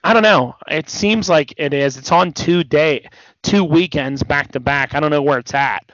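A man's voice: a little high, normal speed, fairly bright tone, no echo. A man co-hosting a casual wrestling podcast, rambling and hesitant with many restarts, a bit tired. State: yawning, tired. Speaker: podcast co-host. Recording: dull dry podcast audio.

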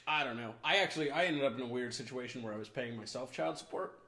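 A man's voice: mid-range voice, quick pace, few pauses, sharp tone, echoey room. A man in casual podcast chat, throwing in dry wisecracks and short replies.

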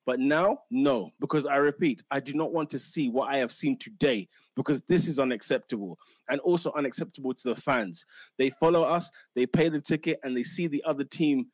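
A man doing an impression of an exasperated, middle-aged Italian football manager, speaking halting broken English with an Italian accent. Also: medium pitch, no echo, natural voice. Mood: ranting.

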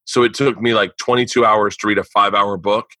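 Husky, bright-voiced profane comedian host. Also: male voice, lowish voice, steady tone, fairly quick, no room sound. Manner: profane, rambling anecdotes with acted-out dialogue. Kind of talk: casual chat, storytelling.

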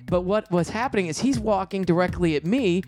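A middle-aged man telling stories in a casual interview, animated and quick, acting out quoted lines in a raised voice. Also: high voice. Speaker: comedian and show producer, guest. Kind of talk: casual storytelling in a podcast interview.

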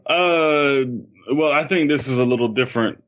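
A man's voice: on the high side, moderate pace, fairly bright tone. A young man co-hosting a podcast in a laid-back, dry way, laughing easily. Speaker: podcast co-host. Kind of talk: casual podcast chat.

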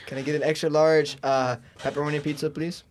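A young man, a podcast guest, chatting crudely while high and prank-calling a pizza place with giggly banter. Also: level tone, brisk, a little hiss or hum. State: high, intoxicated. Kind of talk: casual chat, prank calling.

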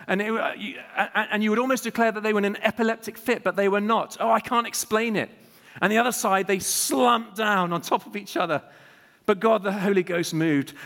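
A man preaching a sermon as a guest speaker, telling revival stories with emphatic rhetorical questions and animated delivery. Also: high-pitched, creaky, long reverb tail.

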